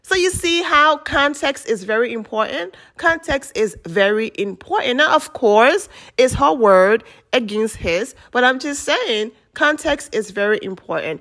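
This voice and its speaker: Female commentary host, sassy and rhetorical, slightly high voice. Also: expressive, unhurried, few pauses, fairly bright tone. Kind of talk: commentary on a clip.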